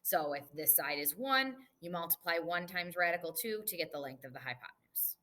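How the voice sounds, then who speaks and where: A woman's voice: on the low side, expressive, brisk, pushed and bright. A woman teacher recording a math lesson review, explaining patiently step by step as she writes on the board.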